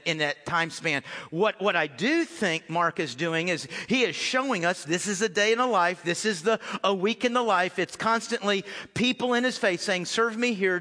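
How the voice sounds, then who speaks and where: A man preaching a sermon as pastor, conversational, swinging between loud emphasis and hushed asides. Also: high voice, big-room sound.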